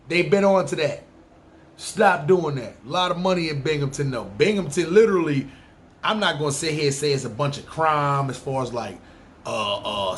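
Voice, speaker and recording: A man with a New York City accent hosting a podcast, talking in a loose, animated, profane street style. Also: on the high side. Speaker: podcast host. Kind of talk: casual monologue ranking places.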